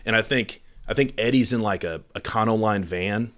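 A middle-aged man, a police officer telling an animated, self-deprecating story to an audience in a casual way. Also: lowish voice, brisk.

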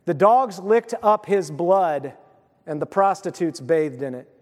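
A man preaches a sermon in a high, lifted voice, telling the story with lively asides and quick acted-out lines. His words ring out with a long hall reverb, as in a church sanctuary. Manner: animated storytelling, acts out voices. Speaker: pastor.

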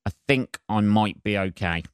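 A man hosts a solo podcast in a loose, rambling monologue. His voice sits low and comes across smooth and clean. He swears freely, trails off into fillers and stays sardonic throughout. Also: moderate pace, no echo, clean studio sound. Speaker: podcast host.

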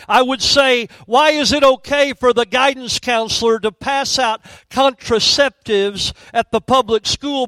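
A man's voice: extremely high pitch, a bit bright, clean tone, no room sound. Male preacher for a revival service, emphatic and repetitive, dry close sound. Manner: emphatic, repetitive preaching with scripture reading and prayer. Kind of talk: revival sermon. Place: church.

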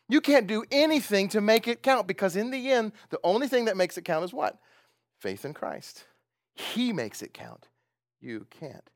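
A man preaching a sermon with a lively, swooping delivery that rises and falls a great deal. His voice sits a little high for a man. He asks his listeners questions and often breaks into laughter, recorded close and dry with almost no room sound. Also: dry recording. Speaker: pastor.

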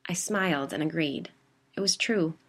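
A woman hosting a podcast, reading her own story in a calm, measured way. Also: deep voice. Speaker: podcast host and narrator. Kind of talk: scripted story narration.

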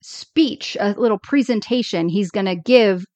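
A woman's voice: medium pitch, unhurried, no echo. A woman co-hosting a podcast, chatting casually about old sitcom episodes and acting out characters' lines when she quotes them. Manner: animated, acts out characters' lines when quoting. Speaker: podcast co-host. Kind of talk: casual chat recapping TV episodes.

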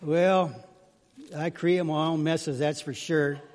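A man's voice: fairly high pitch, fairly even intonation, slow, darkish tone. An older man preaching as a pastor, chatty and self-deprecating, telling folksy jokes in a sermon. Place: church sanctuary. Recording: reverberant church hall.

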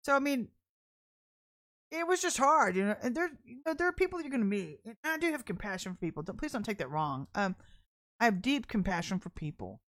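A middle-aged woman minister telling personal stories in a sermon, chatty and animated, often laughing as she talks. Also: a little high, fairly quick. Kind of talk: candid storytelling sermon.

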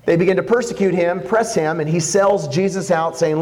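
A man preaching a sermon, animated and jokey, acting out quotes as he goes. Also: fairly high pitch, brisk, few pauses, long reverb tail. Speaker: pastor.

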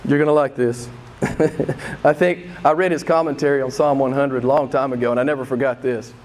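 A man preaching a sermon with fervor, repeating phrases for emphasis and swinging between loud bursts and quiet, drawn-out lines. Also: mid-range voice, fairly even intonation. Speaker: pastor.

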